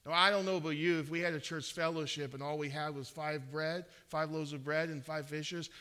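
Man, preacher, sermon, stammering restarts, bright tense voice. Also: a little high, fairly even intonation, clear, resonant tone. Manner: halting, repeats words, many fillers. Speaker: pastor.

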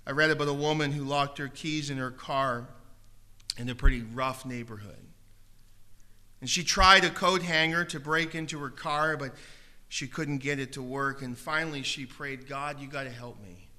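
A man pastor preaching a sermon in a church auditorium, telling a story with gentle humor and then gently pleading with listeners to raise their hands for prayer. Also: mid-range voice, normal speed.

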